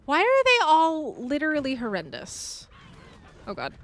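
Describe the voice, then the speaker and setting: A woman streaming a video game live, commenting as she plays, excitable and quick to exclaim and laugh. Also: high-pitched.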